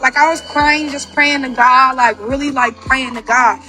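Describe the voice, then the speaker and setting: High-voiced young woman, rambling storytime. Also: steady tone, sharp tone, soft background music. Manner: rapid, filler-heavy with constant "like". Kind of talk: casual storytime.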